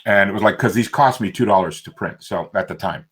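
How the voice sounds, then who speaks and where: A man's voice: lowish voice, brisk, slight background noise. A man, a self-published author, telling a story in a panel chat and acting out the voices he quotes.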